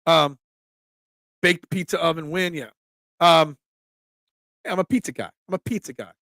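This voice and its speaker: A middle-aged man from Delaware County, Pennsylvania, with a Delco Philadelphia-area accent, bluntly rambles through casual sports talk and answers chat as host; he also owns a pizza shop. His fairly high voice is a bit bright, at normal speed, with no echo.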